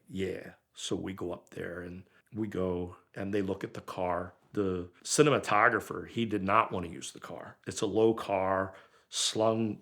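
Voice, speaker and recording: Brief: middle-aged man, lowish voice, casual animated storyteller who voices others' quotes. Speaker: car owner telling his story.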